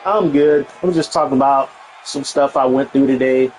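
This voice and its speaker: A man's voice: medium pitch, normal speed, darkish tone, slight background noise, poor audio. A man streaming and chatting casually, blunt and profane, who laughs often and reads and answers his live chat.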